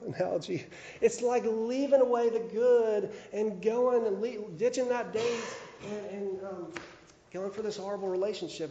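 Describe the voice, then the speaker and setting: A man's voice: sits high, mellow, roomy sound, muffled recording. A man preaching a sermon in a conversational way, with frequent fillers and restarts. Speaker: pastor.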